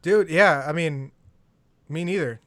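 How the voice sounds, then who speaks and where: A man's voice: on the high side, unhurried, a bit bright, dry recording. A man from Southern California hosting a casual comedy podcast, reading out listener questions with crude jokes and frequent laughs. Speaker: podcast host.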